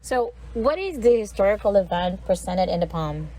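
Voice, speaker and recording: A woman's voice: mid-range voice, animated, moderate pace, mellow, low-quality recording. A woman from the Philippines presenting a recorded literature lesson, reading a poem aloud and breaking down its sounds word by word.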